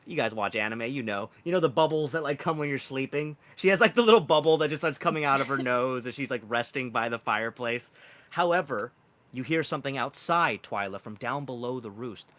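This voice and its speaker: A man's voice: medium pitch, expressive, brisk, a bit bright. A man narrating a tabletop role-playing game as game master in a casual, rambling way. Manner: casual, lots of "like" and "kind of".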